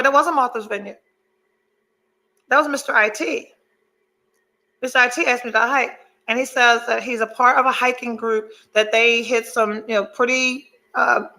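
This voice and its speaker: A high, bright-toned woman in middle age hosts a podcast in a candid motivational monologue. She talks bluntly and swears freely, hammers her points with emphasis and wanders into asides before coming back to the point. Her voice stays light and ringing throughout. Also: poor audio. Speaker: podcast host.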